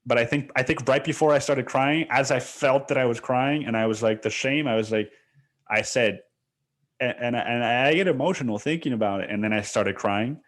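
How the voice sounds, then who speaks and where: A man's voice: medium pitch, moderate pace. A young man hosting his own podcast, talking in a rambling, candid way, dropping "dude" and "man" and casual swearing. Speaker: podcast host. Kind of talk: casual solo podcast monologue.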